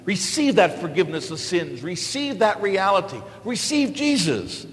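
High-voiced priest preaching in a hall. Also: male voice, sing-song, moderate pace. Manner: storytelling homily, big swings from low asides to loud exclamations. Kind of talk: sermon. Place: church.

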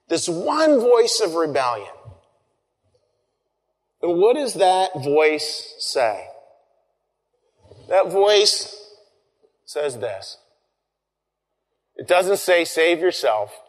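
A man preaching a sermon, earnest, repeating phrases and dropping to soft, quiet lines. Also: high-pitched, sing-song. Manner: earnest, pauses and repeats phrases, drops to soft near-whispers. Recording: long reverb.

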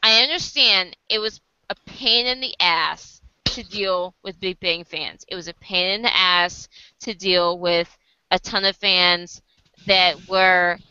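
A woman's voice: fairly low pitch, slow, pushed and bright, smooth, lo-fi sound. An American woman casually telling a story to camera, acting out other people's lines and laughing often. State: sleep deprived. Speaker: vlogger.

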